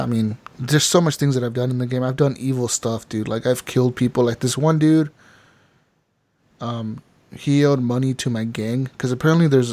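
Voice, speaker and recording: A man's voice: medium pitch, a little mellow. A man co-hosting a gaming podcast, rambling through game stories with lots of "like" and "dude". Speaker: podcast co-host. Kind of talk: casual chat.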